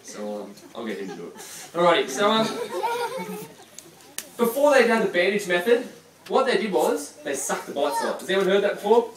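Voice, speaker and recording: A man with a high, very animated voice runs a live reptile show, joking with and teasing the audience and his volunteer in a chatty way. He talks at normal speed but pauses often. It was recorded from a distance in a large, echoey room full of crowd noise.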